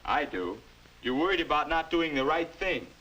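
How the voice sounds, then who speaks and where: A man's voice: on the high side, animated, normal speed, heavy background noise, natural voice. An actor playing an earnest grown-up man lecturing a teenager on table manners in a 1950s educational film. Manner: earnest, instructive, moralizing. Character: prim adult man lecturing a teen on manners.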